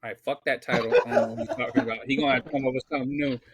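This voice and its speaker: A man's voice: medium pitch, very fast, over a noisy crowd. A young man co-hosting a podcast, telling profane stories in casual chat and acting out what people said. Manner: profane, animated storyteller acting out quotes. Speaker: podcast co-host.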